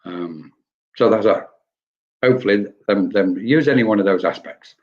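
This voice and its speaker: A man's voice: lowish voice, moderate pace, highs cut off. A man working as a medium, giving live readings in a chatty, rambling way and greeting viewers by name. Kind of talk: live-streamed readings, casual chat.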